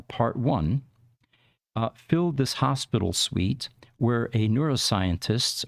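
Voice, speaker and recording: A man's voice: medium pitch, vocal fry, no echo, clean studio sound. A man hosting a podcast, explaining tech news in a rambling, casual way with many fillers. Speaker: podcast host.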